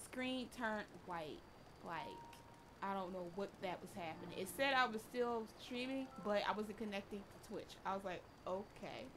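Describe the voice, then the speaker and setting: A woman's voice: medium pitch, normal speed, noisy background. A woman streaming a game live, chatting casually and talking back to the game and her chat with lots of laughter. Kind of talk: casual live gameplay commentary.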